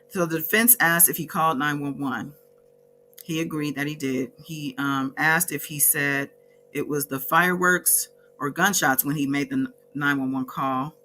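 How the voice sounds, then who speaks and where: A woman's voice: sits low, bright, forceful tone. A woman vlogger casually recapping a court day from her notes, with chatty asides and frequent self-corrections.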